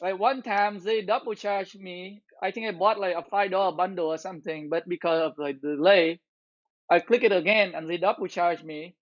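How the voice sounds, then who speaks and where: A man chats casually on his live stream, venting his complaints and often breaking off to restart a sentence. His voice sits high for a man. The audio is dull and lo-fi. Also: normal speed, no room sound. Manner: aggrieved, ranting complaint with repeated restarts.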